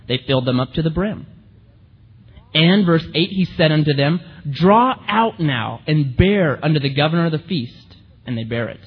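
A man preaching a sermon in an animated way, acting out the voices of the people he quotes. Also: fairly high pitch, slightly rough. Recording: muffled recording in a reverberant hall.

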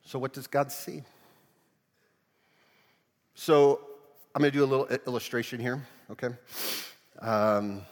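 Animated preacher man in a reverberant church. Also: medium pitch. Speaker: pastor. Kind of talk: sermon.

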